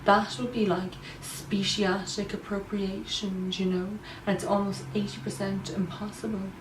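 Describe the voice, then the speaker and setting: A woman's voice: mid-range voice, little pitch movement, moderate pace, close to an everyday voice. A woman playing a smug, rambling vlogger. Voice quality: rambling, smug, says "do you know" constantly. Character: self-absorbed young woman artist vlogger. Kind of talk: comedy monologue to camera. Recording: roomy, distant mic, faint hum.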